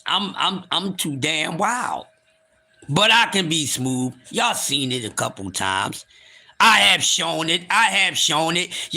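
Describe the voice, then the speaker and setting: A man with a high, bright, sharp voice hosts a live stream and rants with blunt, profane energy. He moves between calm, smooth talk and loud, shouting bursts, repeating himself for emphasis. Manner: animated, swings from calm to shouting. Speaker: livestream host.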